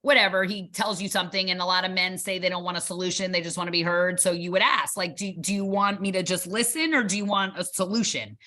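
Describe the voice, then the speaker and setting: A woman guest in a casual interview, talking fast and acting out bits of dialogue as she tells her stories. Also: lowish voice. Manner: animated storyteller acting out dialogue. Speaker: boxing gym owner, guest.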